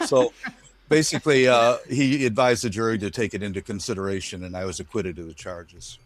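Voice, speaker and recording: Older man, low voice, plain-spoken, dry sound. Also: brisk, no room sound. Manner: plain-spoken, with many uh fillers. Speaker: guest, marine conservation activist. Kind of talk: interview answers, storytelling.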